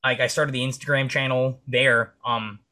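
Steady, bright and forceful at a medium pitch and normal speed, a young veteran's voice carries his stories as a guest. The talk is loose and conversational, rambling, full of filler words and cursing.

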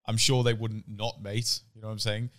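A man's voice: fairly low pitch, level tone, normal speed, a bit bright. A man, co-hosting a podcast and telling a story in casual chat with lots of swearing. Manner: swears freely, laughs, acts out voices in stories. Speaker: podcast co-host.

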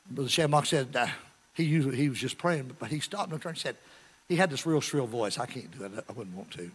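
A man preaching a storytelling sermon, acting out characters' voices and swinging from hushed asides to shouts. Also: mid-range voice, slightly rough.

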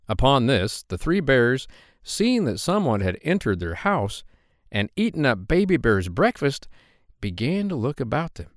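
A man reading a bedtime story aloud for his podcast, expressive and slowing down gently at calm moments. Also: on the low side, dry recording, studio quality.

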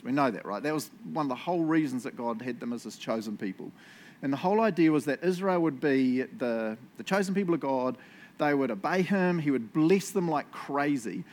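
Chatty New preacher, laughing often. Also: male voice, a little high, slight background noise. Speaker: pastor. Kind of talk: casual sermon.

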